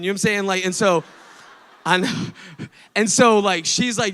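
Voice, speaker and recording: A man preaching a casual youth sermon to students, telling the story in an animated way full of "like" and "right?". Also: high-pitched, moderate pace, smooth. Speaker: speaker at a student event. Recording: long hall reverb.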